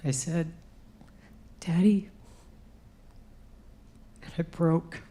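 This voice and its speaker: A woman's voice: on the low side, steady tone, extremely slow, mellow. A middle-aged woman giving an emotional personal testimony at a conference, acting out what she said in the past. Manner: emotional storytelling, acts out her own past speech. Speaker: conference speaker.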